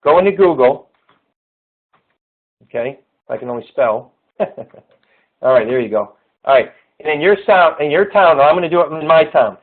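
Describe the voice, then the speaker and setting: A man's voice: on the high side, moderate pace, pauses often. Tinny, upbeat man giving a sales pep talk. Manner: pep-talk, repetitive urging. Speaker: network marketing trainer. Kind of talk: motivational screen-share tutorial. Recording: tinny phone-like audio.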